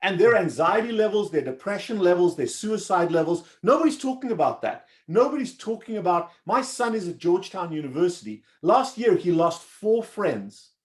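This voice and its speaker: A man's voice: high voice, sing-song, moderate pace, hardly any pauses. A middle-aged man speaking as a doctor guest in an interview, earnest and explaining his points at length. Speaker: surgeon guest. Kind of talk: conversational interview.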